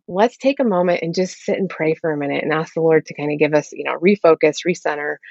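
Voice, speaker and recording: A woman working as a parenting coach, explaining her method in a steady, instructive way. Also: on the low side, no room sound. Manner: steady, instructive, lays out steps. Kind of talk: explaining in an interview. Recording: slightly dull lo-fi audio.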